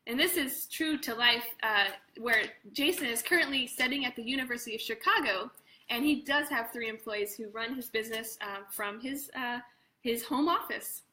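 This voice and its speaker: A woman author reading her children's picture book aloud on a live stream, lively, pointing out the pictures as she goes. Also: high voice, moderate pace.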